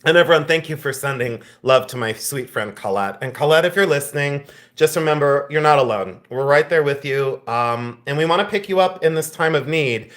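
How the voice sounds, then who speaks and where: A man hosting a live-stream jewelry sale, with a voice pitched a little above the usual male range. He jokes and teases his viewers, laughs easily, and turns softly sincere toward friends. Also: a little fast. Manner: joking and teasing with chat, laughing often, then tender.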